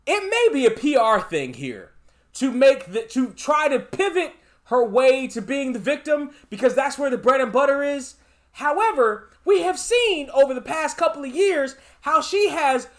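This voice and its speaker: A man commentating in a casual vlog, emphatic and repetitive in his ranting. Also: very high voice. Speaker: commentary vlogger.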